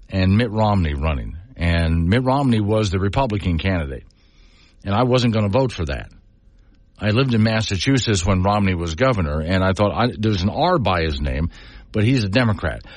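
On a call-in talk radio show, a middle-aged male host speaks with a fairly low voice into a studio microphone, with no room sound. He is emphatic and conversational, often wandering into rambling asides.

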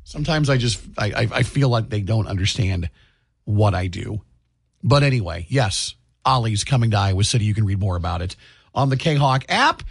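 A man's voice: fairly low pitch, animated, normal speed, vocal fry, husky, no room sound, clean studio sound. A man, hosting a morning radio show and chatting about his family in an upbeat way. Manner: chatty, upbeat, tells home stories. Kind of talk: morning radio chat and announcements. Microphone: studio microphone, dry booth.

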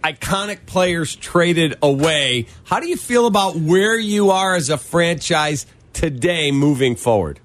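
A man's voice: fairly high pitch, animated, a little slow, few pauses, a bit bright, slight background noise. A man hosting a sports radio show, interviewing a guest with long, probing questions. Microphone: studio mic.

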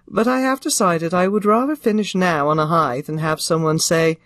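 An older woman who narrates audiobooks answers an interviewer's questions. She speaks with crisp, theatrical phrasing. The recording is dry, with no room sound. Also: fairly low pitch, normal speed, hardly any pauses, no echo.

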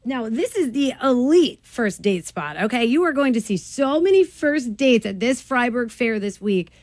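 Brash higher-voiced woman radio host. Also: lively intonation, normal speed. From New Jersey. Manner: brash, joking, laughs often. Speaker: radio morning show host. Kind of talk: radio morning show chat. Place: radio studio. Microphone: studio mic.

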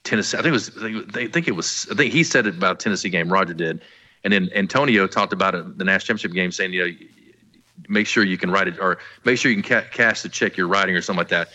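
A man's voice: sits low, fast talker, sharp tone, dull audio. A man, a former college football player, co-hosting a sports talk show in a rambling, easygoing way with many restarts.

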